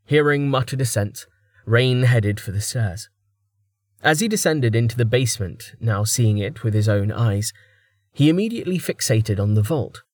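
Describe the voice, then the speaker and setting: Guy narrating a fantasy audiobook, steady and measured, mid pitch, dry close mic. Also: no echo. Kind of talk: scripted narration.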